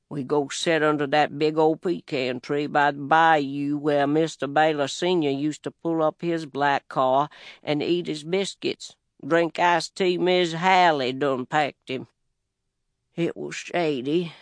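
A man with a Southern US accent narrating a first-person audiobook story in an unhurried, plainspoken, wry manner on a close studio mic. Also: a little high, no room sound.

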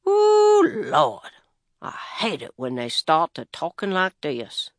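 A man with a Southern US accent narrating a first-person audiobook story in an unhurried, plainspoken, wry manner on a close studio mic. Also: medium pitch, expressive, sharp tone, dry recording.

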